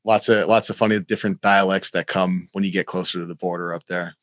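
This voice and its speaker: A man hosting a podcast, chatting in quick bursts and swearing casually. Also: low-pitched, fairly even intonation, a bit bright, no echo, clean studio sound. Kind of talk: casual chat.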